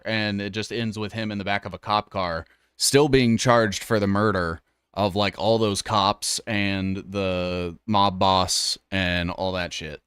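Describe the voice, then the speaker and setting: A man's voice: fairly low pitch, fairly even intonation, takes it slowly, fairly bright tone, smooth, no room sound, clean studio sound. A man hosting a casual reaction video, talking loosely with offhand asides and swearing.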